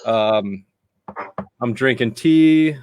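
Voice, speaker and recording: A male guest on an online talk show, relaxed and self-deprecating, often stumbling over his words. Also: medium pitch, extremely slow, clear, resonant tone. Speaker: guest, mental health advocate. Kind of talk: casual interview talk.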